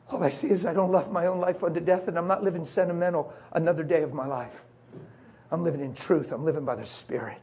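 A middle-aged man preaching a sermon as a story, acting out the voices and swinging from soft whispers to high cries. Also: fairly even intonation, quick pace, a little hiss or hum.

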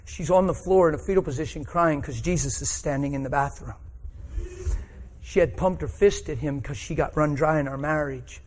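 A man's voice: on the high side, moderate pace, a little mellow. A middle-aged man preaching a sermon, telling a personal story with rising emotion.

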